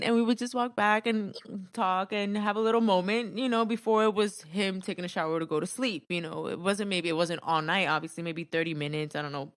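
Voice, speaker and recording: A young adult woman, a podcast guest, telling a personal story in relaxed chat, laughing often. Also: medium pitch, a little fast, hardly any pauses, no room sound, clean studio sound. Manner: storytelling, laughs often, says "you know" a lot.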